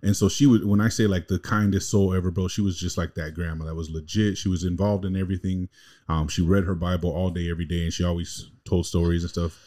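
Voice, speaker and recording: A man's voice: low-pitched, little pitch movement, fast talker, warm tone. A man co-hosting a podcast, telling a long family story in a rambling, slangy, casual way. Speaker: podcast co-host.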